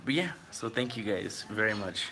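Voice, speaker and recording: Gravelly, rambling man vlogger. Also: lowish voice, animated, moderate pace, pushed and bright, slight background noise. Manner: rambling, many fillers. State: out of breath. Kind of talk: casual storytelling to camera.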